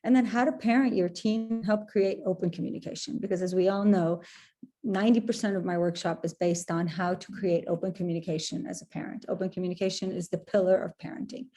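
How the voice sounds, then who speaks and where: Middle-aged woman, workshop host, mellow tone, chatty delivery with restarts. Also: fairly low pitch, fairly even intonation, fast talker. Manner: conversational, repeats and restarts phrases. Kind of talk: online parenting workshop talk.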